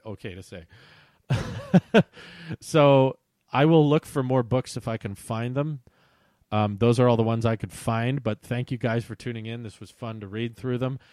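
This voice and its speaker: A young man reads aloud from his old childhood stories on a stream, at an ordinary middle pitch. He keeps stopping for amused asides and small chuckles. His voice sounds close and dry, with no room around it. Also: a little mellow, no echo. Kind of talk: casual read-aloud stream.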